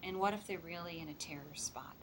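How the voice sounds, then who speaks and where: Lively woman lecturing foster parents. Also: low-pitched, a little fast, a little hiss or hum. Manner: lively, acts out quoted voices. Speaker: speaker training foster parents.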